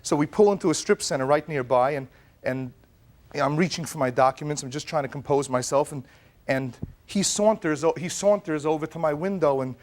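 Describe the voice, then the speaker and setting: A man with a fairly high voice tells his side in a courtroom. He is animated and tumbles over his words, repeating himself as he rushes through the story. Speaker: plaintiff in a TV courtroom.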